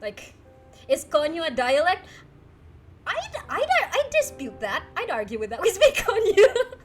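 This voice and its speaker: A woman's voice: very high voice, unhurried, soft background music. A young woman, casually telling a story on her livestream and answering chat, laughing often as she talks. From Philippines. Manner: giggly, lively, laughs often mid-sentence. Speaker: streamer.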